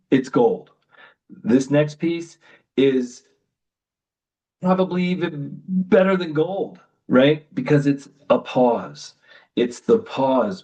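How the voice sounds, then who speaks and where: A man giving a relationship webinar in a slow, emphatic way, with deliberate pauses. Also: medium pitch, a little mellow, recorded from a distance, dull audio. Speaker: relationship coach. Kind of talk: webinar talk.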